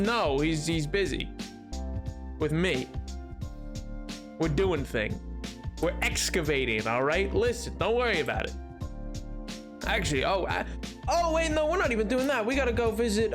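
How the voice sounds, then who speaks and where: Young male streamer, high lively voice, jokey banter, game music playing behind him. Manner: excitable, jokey, swings from mumbling to shouting. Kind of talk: casual live-stream chatter while gaming.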